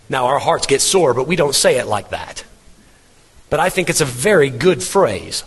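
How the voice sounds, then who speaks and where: Earnest pastor in a reverberant hall. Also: male voice, medium pitch, very animated, normal speed, husky. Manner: earnest, emphatic preaching with repetition. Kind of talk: sermon. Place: church hall.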